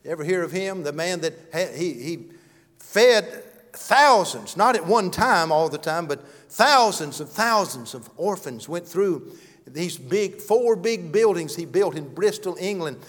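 A man preaching a sermon and telling stories, earnest, swinging from loud to hushed. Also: high voice, expressive, unhurried. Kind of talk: sermon with storytelling. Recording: long hall reverb.

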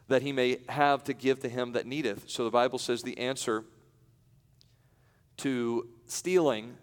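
A male preacher delivering a sermon that drifts between chatty, half-finished asides and sudden high, forceful bursts of emphasis. His voice sits at an ordinary middle pitch. It rings with a long hall reverb. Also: smooth. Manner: swings from loud emphatic peaks to quiet asides; conversational, with self-interruptions and light laughs. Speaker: pastor.

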